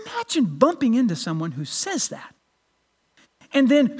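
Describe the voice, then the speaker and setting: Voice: mid-range voice, big pitch swings, a little slow. Earnest pastor preaching with rhetorical questions. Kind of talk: sermon.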